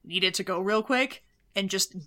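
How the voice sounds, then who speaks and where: Bright, talkative woman co-host; loose, rambling podcast chat. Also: mid-range voice, unhurried. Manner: chatty, filler-heavy, explains at length. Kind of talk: casual movie discussion.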